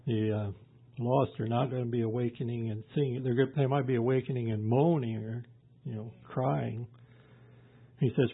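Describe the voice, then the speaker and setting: Husky-voiced male preacher, phone-like sound. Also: mid-range voice, fairly even intonation. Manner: reads scripture slowly and emphatically, then explains in plain conversational asides. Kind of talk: sermon.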